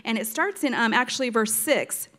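Lady doing a casual bible teaching, kinda high voice, chatty, lots of ums and you knows. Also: normal speed. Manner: chatty and expressive, retells scripture in her own words with many fillers.

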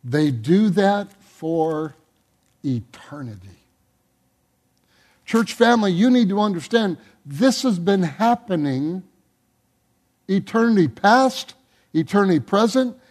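A man delivers a sermon to his congregation in a fairly high voice, speaking slowly and deliberately. He builds intensity over repeated words, then lets his phrases fall away low and quiet. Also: expressive. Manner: drops to a low, soft voice at phrase ends. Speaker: pastor.

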